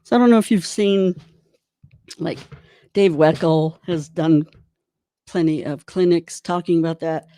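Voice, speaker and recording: A woman's voice: lowish voice, a little slow, long pauses, mellow, smooth, dry recording, studio quality, soft background music. A woman giving an online drum clinic, chatty and encouraging while she demonstrates rudiments. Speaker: drum instructor.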